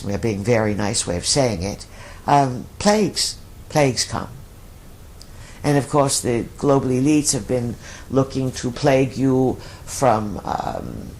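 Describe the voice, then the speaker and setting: Man with a gravelly voice channeling as a "we", piles up lists, mid-pitched. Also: a little mellow. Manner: speaks as a collective "we", emphatic repeated lists. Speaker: channeled speaker answering questions. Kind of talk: spoken channeling session.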